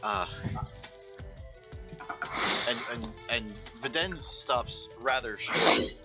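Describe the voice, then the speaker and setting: A man narrating as game master for a tabletop role-play, stumbling and restarting as he goes. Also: medium pitch. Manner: halting, many restarts and fillers. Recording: music playing behind.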